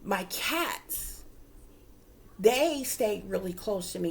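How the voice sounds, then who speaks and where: A woman's voice: mid-range voice, animated, takes it slowly, creaky. A woman working as a psychic reader, telling her viewers a story in casual, emphatic talk, often calling them "y'all" and swearing freely.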